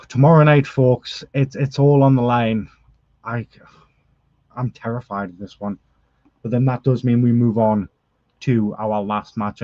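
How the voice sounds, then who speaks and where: Earnest wrestling manager. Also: male voice, mid-range voice, darkish tone, dry recording, highs cut off. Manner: dramatic, earnest, emotional outbursts. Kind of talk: wrestling promo show.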